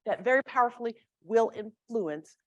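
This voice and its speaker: A woman's voice: a little high, lively intonation, normal speed, no room sound, dull audio. A woman giving an academic lecture, emphatic and often asking a rhetorical "right?". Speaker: grand rounds lecturer.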